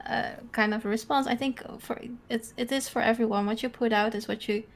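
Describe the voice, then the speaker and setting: Woman w/ a higher voice, kinda hesitant, feeling her way through a chat. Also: steady tone, brisk. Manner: searching for words, hesitant. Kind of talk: casual group chat.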